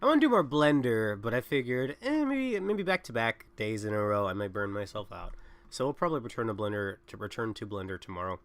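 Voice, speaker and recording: Coughing and clearly sick, a young man livestreams a game and chats casually, rambling and interrupting himself. His lowish voice has a sing-song lilt, a fairly bright tone, and a slightly fast pace.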